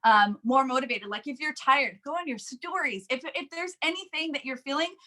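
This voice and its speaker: Bright high-voiced energetic woman. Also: moderate pace. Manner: energetic, emphatic, laughs often. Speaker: sales team leader. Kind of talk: casual motivational chat.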